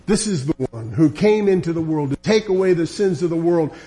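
A man's voice: on the high side, lively intonation, a little fast, dark tone. A man preaching a sermon, building emphatic, repetitive lines that grow more insistent.

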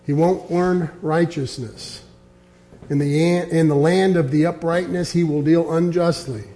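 A man preaching a sermon, reading scripture aloud and dropping low and quiet to press his points. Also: steady tone, a little slow. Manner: earnest, quotes scripture, drops low and quiet on key points.

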